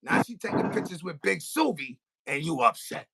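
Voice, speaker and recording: A man's voice: a little high, very animated, moderate pace, creaky, bright, forceful tone, husky. A man hosting a podcast, telling a comic story in a rant and acting out both sides of a phone call. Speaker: podcast host. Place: recording studio.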